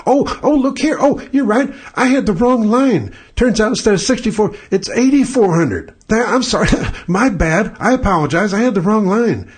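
A man voicing a sheepish, fawning male insurance adjuster who stammers out apologies in a husky voice. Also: high voice, lively intonation, moderate pace, voice pushed up. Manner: groveling, falsely apologetic, stammering.

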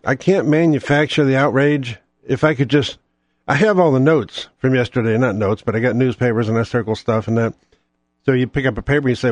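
A man's voice: medium pitch, quick pace, a little mellow, dry recording. A man hosting his own show alone, ranting in a profane, sarcastic, rambling way. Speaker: podcast host. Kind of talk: ranting solo monologue.

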